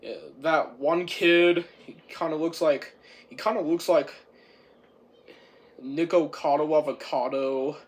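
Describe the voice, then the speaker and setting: A man giving a rambling, casual movie review, halting and restarting with lots of fillers and repeated words. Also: fairly high pitch, steady tone.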